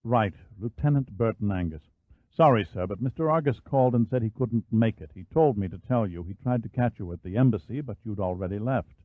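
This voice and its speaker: A brisk, helpful club manager, read by a man in a low, businesslike voice. The recording is dry and narrow like a phone line. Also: lively intonation, no echo. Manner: polite, businesslike.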